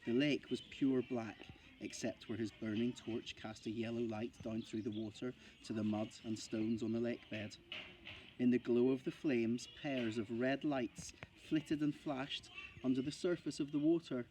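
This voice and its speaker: A male primary school teacher with a mid-range voice reads a children's novel aloud in an unhurried, steady and expressive way.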